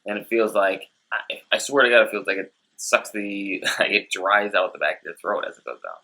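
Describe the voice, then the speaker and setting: A man with a low-set, forceful bright voice, chatting casually as the co-host of a comedic beer tasting show. He tells loose, rambling stories and acts out the people in them. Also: a little fast. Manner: rambling storyteller, acts out quotes.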